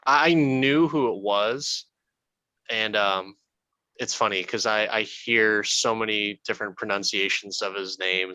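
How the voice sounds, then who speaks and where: A man's voice: on the low side, measured pace, sharp tone, no echo, rough recording. A man co-hosting a podcast, chatting casually about a film and joking, swearing freely. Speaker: podcast co-host. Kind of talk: casual movie review chat.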